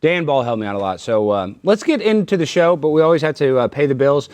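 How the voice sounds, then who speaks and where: Lively excitable male podcast host. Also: on the high side, quick pace, few pauses. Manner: excitable, jokey, breaks into shouts and laughter. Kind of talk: loud comedic podcast banter. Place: podcast studio.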